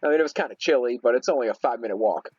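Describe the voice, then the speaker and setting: Husky man rambling through a story. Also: mid-range voice, racing, a little mellow, no echo, muffled recording. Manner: rambling, many fillers and restarts. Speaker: gaming video host. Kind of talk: casual storytelling over gameplay.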